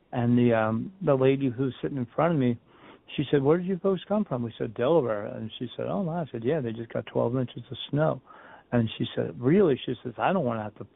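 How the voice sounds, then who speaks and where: Gravelly man on a phone-line call. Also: medium pitch, no echo. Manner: rambling storyteller, repeats and restarts, acts out quotes. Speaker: medium, podcast guest. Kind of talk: casual interview talk. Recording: phone-like remote call audio.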